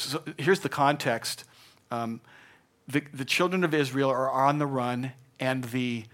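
An older man preaching a sermon in an earnest, conversational way, moving between hushed and emphatic delivery. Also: medium pitch. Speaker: pastor.

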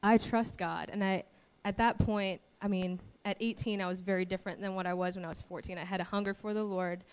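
A woman from Hawaii giving a personal faith testimony, telling her story in a lively way and acting out the voices she quotes. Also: medium pitch, fairly quick, hardly any pauses, clear, resonant tone.

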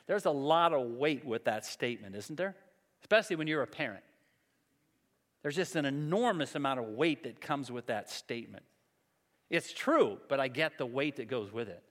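A man's voice: a little high, expressive, brisk, fairly bright tone. Man, 60s, pastor, sermon, conversational and self-deprecating, long reverb of a big hall. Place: large church hall.

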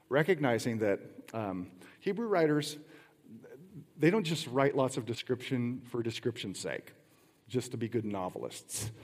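A middle-aged man preaching a sermon in a conversational way, with rhetorical questions and playful asides. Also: medium pitch. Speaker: pastor. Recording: long hall reverb.

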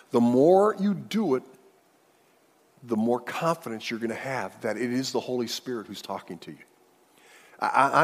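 A man's voice: mid-range voice, husky, big-room sound. A man preaching a sermon as pastor, talking in a loose, conversational way with frequent repeated words.

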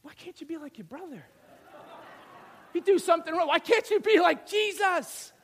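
A preacher voicing exasperated parents scolding their younger son. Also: male voice, extremely high pitch, normal speed.

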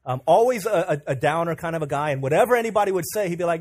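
A young man preaching a sermon, animated and casual, who tells stories and acts out the voices of the people in them. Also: a little high, very fast, few pauses. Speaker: pastor.

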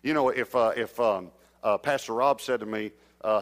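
A middle-aged man preaching, telling a personal story and acting out the dialogue, sometimes dropping to a hush. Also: medium pitch, fairly quick. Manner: anecdotal, acts out dialogue, drops to a hush for suspense. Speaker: traveling preacher. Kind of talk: storytelling sermon.

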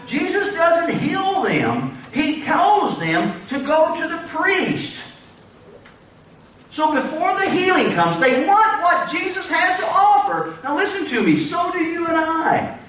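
A man preaching a sermon as a pastor, dramatic, rising to shouted pleas and dropping to hushed tones, recorded from a distance in an echoey church. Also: very high-pitched, slight background noise. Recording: echoey hall heard from a distance.

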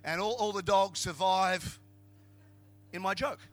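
A middle-aged Australian man preaching a humorous sermon as a pastor, telling jokey stories in an animated way and building to emphatic shouts. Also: high voice, a little slow, soft background music.

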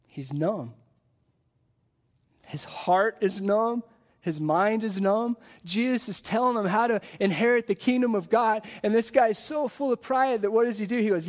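High-voiced earnest preacher man. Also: normal speed. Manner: earnest, repeats rhetorical questions to the congregation. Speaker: pastor. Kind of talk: live sermon. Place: church in front of a congregation.

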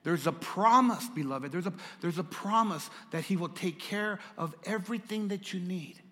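A man's voice: high voice, moderate pace, fairly bright tone, big-room sound. A male pastor preaching a sermon, dramatic and repeating lines for emphasis as he calls out to the congregation. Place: church.

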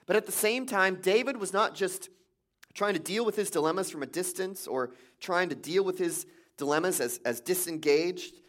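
Guy pastor preaching, kinda high voice, chatty storytelling, lots of restarts. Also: fairly bright tone. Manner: conversational storytelling with many restarts. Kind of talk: sermon.

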